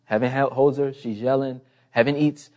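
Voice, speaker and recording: A man's voice: steady tone, normal speed, a little mellow. A man preaching a sermon, telling a personal story in a conversational way and building to an impassioned appeal. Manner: impassioned, rising in pitch and volume toward the end. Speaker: pastor.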